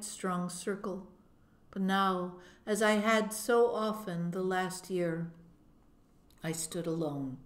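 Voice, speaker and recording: A woman narrating an audiobook, telling the story in a measured way. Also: medium pitch, fairly bright tone. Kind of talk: audiobook reading. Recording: roomy echo.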